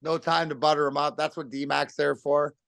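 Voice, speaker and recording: A man's voice: on the high side, normal speed, vocal fry, no echo. A man in his fifties, a former pro hockey player, telling stories as a podcast guest, cursing freely and restarting his sentences. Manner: swearing, rambling with restarts, animated. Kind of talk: casual storytelling chat.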